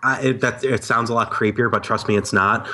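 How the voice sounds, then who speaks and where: A man's voice: medium pitch, fairly even intonation, a little fast, pushed and bright. Wry storytelling man. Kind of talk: casual chat.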